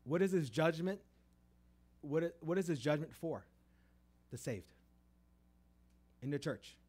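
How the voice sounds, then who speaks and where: Animated man preaching a sermon. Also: on the high side, unhurried, husky. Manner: lively storytelling with many restarts, rising loud for emphasis and dropping soft.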